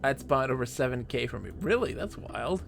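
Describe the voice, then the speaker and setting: Man, live game streamer, gravelly voice, casual self-talk, faint music behind. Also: mid-range voice, animated, moderate pace, fairly bright tone. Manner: casual, chatty, talks to himself while playing. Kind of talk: live gameplay commentary.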